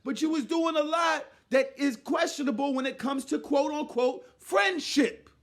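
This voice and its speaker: A man in a loud, exasperated commentary rant, often shouting and mocking what others said. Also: very high-pitched, normal speed. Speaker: commentary vlogger.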